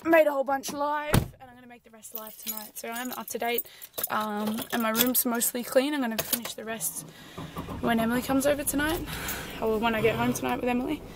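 A woman's voice: a little high, steady tone, a little fast, background noise. Chatty woman, breathless. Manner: rambling, chatty, self-deprecating. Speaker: vlogger. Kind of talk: casual vlog chat. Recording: music playing behind.

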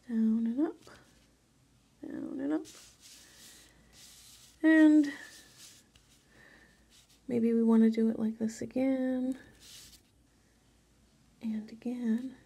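A woman casually talking viewers through a drawing tutorial, chatty and softly spoken, with rambling asides. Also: on the high side, slow pace, vocal fry, pauses often. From Mexican background.

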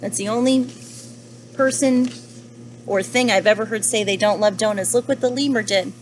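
A young woman teacher reads a children's picture book aloud, pausing gently to ask her young listeners questions. Her voice sits at a middle pitch, and there is a noticeable hiss throughout the recording. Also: rough recording. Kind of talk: children's story read-aloud.

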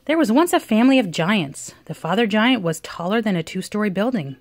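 A woman reading a picture book aloud to a young child at home, with expressive storytelling. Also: mid-range voice, fairly quick. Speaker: reader.

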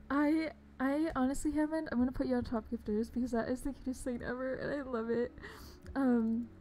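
A woman's voice: high-pitched, mellow, a little hiss or hum. A woman streamer chatting casually on a live stream, gushing and giggling as she greets her viewers.

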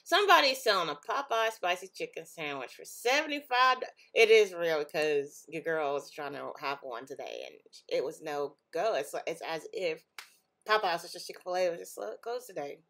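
With a deep voice, a young woman vlogger reacts casually to online posts. She talks animatedly and often breaks into laughter and exclamations.

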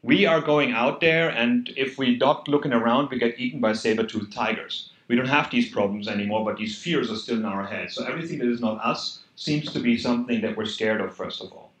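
A man's voice: medium pitch, fairly quick, hardly any pauses, a bit bright. A man with a German accent delivers an earnest, conversational talk to an audience, pressing on points with sudden emphasis. His voice sits in a middle register. The room is echoey, like a hall at an event. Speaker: conference speaker. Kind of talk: conference talk.

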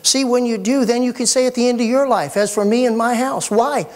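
A middle-aged man preaching a sermon as pastor, folksy and animated with joking asides. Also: very high-pitched, brisk.

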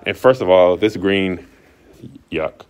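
With a deep, clear, resonant voice and a slow delivery, a man leads a casual tour of his new studio. He plays the excited showman while a camera mic picks him up walking through the large vacant building.

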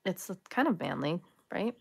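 Woman vlogger, low gravelly voice, unhurried and musing; casual haul chat. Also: sing-song. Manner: musing, chatty, talks to the items. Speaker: thrift jewelry haul vlogger.

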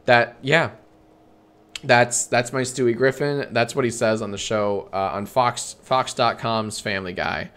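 A man streaming a comedy bit, bantering with himself in a deadpan, sarcastic way and swearing often. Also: medium pitch, a little slow, clear, resonant tone.

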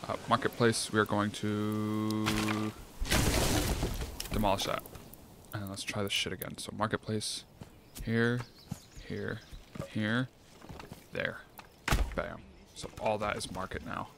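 Low-voiced dude cussing his way through a city builder, talks to himself, music under it. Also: takes it slowly, gravelly, long pauses, very noisy. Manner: profane, excitable, thinking aloud. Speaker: gameplay streamer. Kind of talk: casual let's-play commentary. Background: game music.

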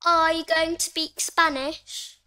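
A woman voicing a curious girl in a scripted textbook dialogue, slow and clearly spoken, played back from a lesson video. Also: extremely high pitch, little pitch movement, pushed and bright, exaggerated voice.

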